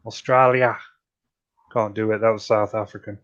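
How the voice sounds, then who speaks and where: A man's voice: mid-range voice, moderate pace, a bit bright. A man hosting a podcast, chatting casually and joking in a laid-back way. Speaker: podcast host. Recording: dull lo-fi audio.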